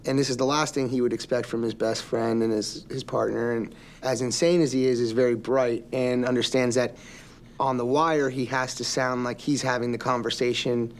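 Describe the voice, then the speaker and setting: A man, an actor as an interview guest, telling stories in a relaxed way with frequent ums. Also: mid-range voice, normal speed, slight background noise. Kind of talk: interview anecdotes.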